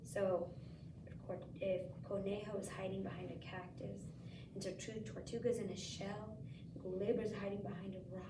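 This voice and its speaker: A woman teacher reading a picture book aloud to a child, asking gentle questions and giving the characters lively voices. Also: medium pitch, moderate pace, noisy background. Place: school room. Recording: echoey room, mic from far off.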